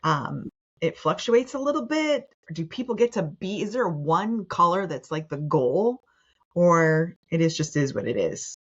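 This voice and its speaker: Low-voiced woman host, dull lo-fi sound. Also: sing-song, measured pace, husky. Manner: chatty, loose phrasing with many fillers. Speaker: podcast host and coach. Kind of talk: casual conversation.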